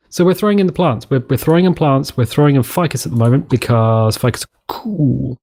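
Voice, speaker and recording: A rambling, chatty man from the United Kingdom talks through a survival game as its let's play host. He wanders off topic, doubles back on his own words and restarts his sentences as he plays, in a relaxed gameplay-commentary style. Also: mid-range voice, a little fast, gravelly, few pauses.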